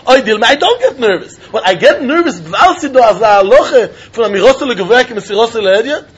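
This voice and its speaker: A man teaching a Talmud lesson in an animated, sing-song way, often laughing. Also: extremely high pitch, quick pace, husky. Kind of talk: Talmud study lecture. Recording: dull lo-fi recording.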